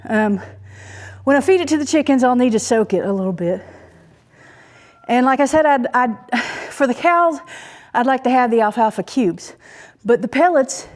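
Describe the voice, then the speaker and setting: Her voice on the high side and animated, this homesteading vlogger from Oklahoma keeps a moderate pace as she works on her farm outside. She rambles casually, a touch breathless, leaning on many fillers.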